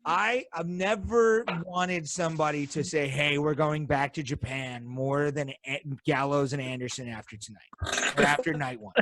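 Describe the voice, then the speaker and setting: A man's voice: a little high, fairly even intonation, normal speed, fairly bright tone, a little hiss or hum. A man co-hosting a podcast, delivering an angry, profanity-heavy rant over a video call. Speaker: podcast co-host. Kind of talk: casual podcast chat.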